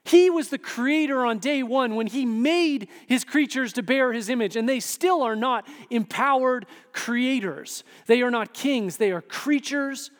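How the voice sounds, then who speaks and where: A man pastor giving an animated sermon, often asking the room "right?" and acting out quotes. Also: very high voice, unhurried, few pauses. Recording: long hall reverb.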